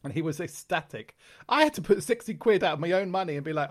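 A middle-aged Irish man, a guest comedian, telling lively stories in conversation and slipping into character voices. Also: fairly high pitch, fast talker. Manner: animated raconteur, slips into character voices. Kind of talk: conversational storytelling.

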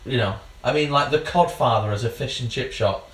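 A man's voice: medium pitch, recorded from a distance. Teasing man, echoey room. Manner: teasing, quick to rib his friend. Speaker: podcast co-host. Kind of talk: casual banter.

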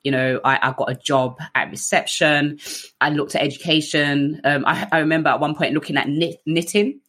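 A woman's voice: low voice, steady tone, moderate pace, a bit bright. A woman with a British accent telling her life story candidly in a conversational way, with fillers and restarts. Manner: conversational, many fillers, acts out others in raised voices.

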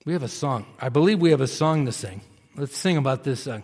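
A male pastor preaching a sermon, earnest, swinging from quiet, slow stretches to emphatic bursts. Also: medium pitch, expressive, big-room sound. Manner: earnest, rising to emphatic bursts then dropping soft and slow. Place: church sanctuary.

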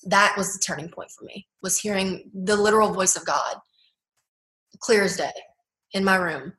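Speaking at a normal speed with a mid-range, somewhat bright voice, a young woman recounts her story as an interview guest. She's earnest and heartfelt, leaning heavily on "like" and "you know," and the audio has a spacious echo.

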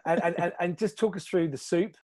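A man's voice: high voice, brisk, a little mellow. A man hosting a podcast, asking questions in a friendly, chatty way, often stumbling and repeating words. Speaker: podcast host. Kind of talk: casual interview.

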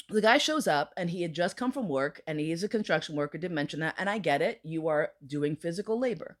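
A female podcast guest with a lowish voice rattles through a bawdy story fast, with hardly any pauses, in casual conversation. She acts out the others' lines in animated voices and swears freely.

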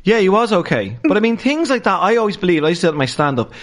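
A man's voice: high-pitched, fast. Dublin man telling stories, laughing. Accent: Dublin Irish. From Dublin, Ireland. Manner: animated, laughing through his stories. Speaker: guest, stand-up comedian. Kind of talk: casual storytelling in a podcast interview.

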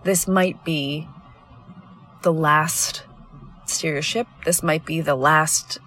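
A woman with a notably low voice, hosting her own podcast as a coach. She talks earnestly and candidly, pausing and restarting as she reflects. She is sitting in a car pulled over at the roadside. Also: steady tone, bright, forceful tone, a little hiss or hum. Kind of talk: reflective personal monologue.

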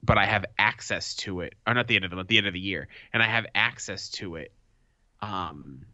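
A man co-hosting a podcast, telling a story in a casual, animated way and swearing freely. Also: deep voice, brisk, no room sound. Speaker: podcast co-host. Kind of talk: casual chat. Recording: dull lo-fi sound.

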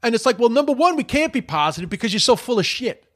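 A man's voice: extremely high pitch, very animated, fast talker, fairly bright tone. A man, ranting about politics in a heated, exasperated, profane way. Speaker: commentator. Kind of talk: political opinion rant.

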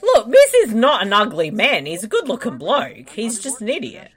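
A woman's voice: on the high side, normal speed, breathy edge. A woman with a British accent co-hosting a podcast, chatting casually and laughing as she reacts to a movie. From Britain. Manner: laughing, swearing, animated. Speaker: podcast co-host. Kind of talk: casual movie-watching chat.

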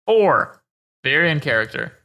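Tabletop player, lively pitch, bright edge, offhand. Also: moderate pace. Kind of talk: casual tabletop play.

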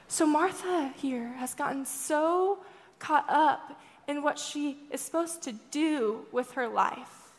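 High-voiced woman preaching in a hall. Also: slow. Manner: expressive, conversational, asks the audience questions. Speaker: speaker at a church gathering. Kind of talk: storytelling sermon.

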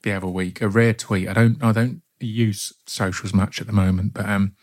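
A man hosting a solo podcast, talking softly and gently in a heartfelt way. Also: on the low side, flat delivery, moderate pace. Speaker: podcast host.

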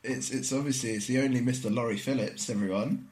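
A man's voice: mid-range voice, fairly even intonation, fast talker, heavy background noise. A man co-hosting a podcast, joking dryly in casual chat over a video call. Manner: dry, joking. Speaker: podcast co-host.

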